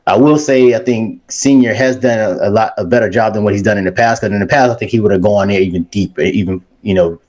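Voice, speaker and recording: A laid-back man co-hosting a sports talk show. His voice sits fairly low for a man, and he talks easily, with a lot of fillers. He weighs in on the discussion in a casual, conversational way. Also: fast talker, hardly any pauses, darkish tone.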